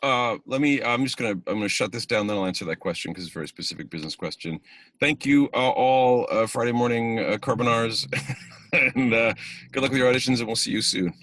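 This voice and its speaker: A man with a low, husky voice hosts an acting webinar, recounting an audition in easy, casual talk. He slips into the people he quotes with lively energy. The sound is close and dry, with no room around it. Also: fairly quick, no echo. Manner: animated, acts out quoted voices. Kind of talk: casual storytelling and advice. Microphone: webinar video call.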